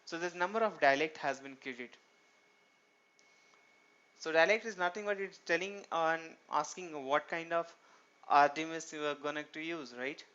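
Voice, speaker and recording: A man walks through a programming lesson, asking himself rhetorical questions and checking in with "right?" His voice is smooth and fairly high. The recording sounds dull and lo-fi. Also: moderate pace, pauses often, sharp tone. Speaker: programming instructor. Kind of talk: screen-recorded tutorial lecture.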